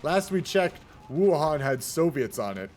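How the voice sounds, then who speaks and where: A man's voice: fairly high pitch, very animated, a little slow, a little mellow. A man giving casual, rambling commentary on a strategy game replay and chatting with his viewers. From United States. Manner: rambling, chatty, talks to the chat. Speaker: game caster.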